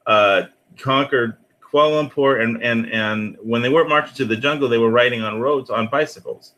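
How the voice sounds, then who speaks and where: A man's voice: medium pitch, moderate pace, a bit bright, rough recording. A man on a discussion panel, telling rambling stories in a casual, chuckling way.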